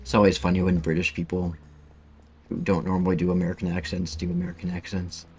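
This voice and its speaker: A man's voice: deep voice, monotone, fast talker, a little mellow, faint music behind. A man giving rambling, casual gameplay commentary, cursing freely as he plays. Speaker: streamer.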